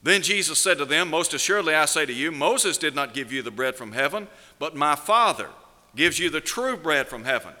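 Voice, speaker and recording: A man preaching a sermon, asking rhetorical questions and slowing down to stress key words. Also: a little high, expressive, sharp tone, long reverb tail. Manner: measured preaching, slows down for emphasis, rhetorical questions.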